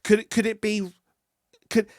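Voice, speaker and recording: A man with a high voice talks film on a podcast, animated and quick to laugh. He is recorded close and dry, with no room sound. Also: no room sound. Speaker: podcast co-host. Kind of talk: casual film review chat.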